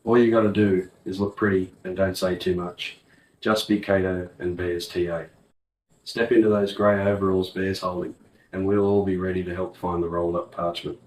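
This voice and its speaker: A man's voice: sits low, little pitch movement, moderate pace, a little mellow, close to an everyday voice. A man voicing a brash male crew leader in an audiobook, blunt and bossy. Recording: roomy, distant mic.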